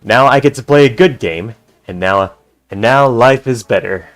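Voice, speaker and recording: A man's voice: medium pitch, normal speed, a bit bright. A man livestreaming a video game, chatting casually in a rambling, easygoing way with frequent restarts. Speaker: gaming streamer. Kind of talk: casual livestream chat reading.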